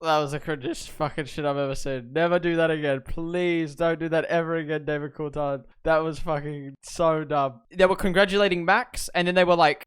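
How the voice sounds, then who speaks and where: A young man hosting a race review, reacting live and swearing often, with sudden shouted outbursts. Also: fairly high pitch, brisk, hardly any pauses, smooth. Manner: excitable, swears often, bursts into shouting at the broadcast. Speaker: host reviewing races.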